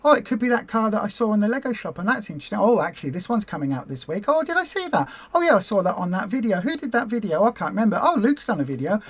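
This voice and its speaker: A woman hosting a weight-loss group livestream, chatting casually and rambling into lively acted-out asides. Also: mid-range voice, racing, few pauses, slightly rough.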